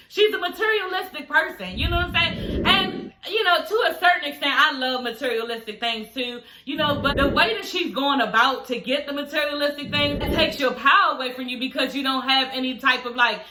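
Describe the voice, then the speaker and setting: A woman's voice: high voice, moderate pace, noisy background. A woman chatting casually as a reality TV reviewer, sassy and profane, full of "you know" and "y'all". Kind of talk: casual recap chat. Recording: echoey room.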